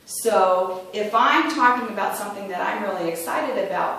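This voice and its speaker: A middle-aged woman gives a prepared but chatty speech to a club, acting out voices when she quotes people. Her medium-pitched, fairly bright voice moves at a moderate pace with hardly any pauses. Recorded from far off in an echoey room, it carries a little hiss or hum.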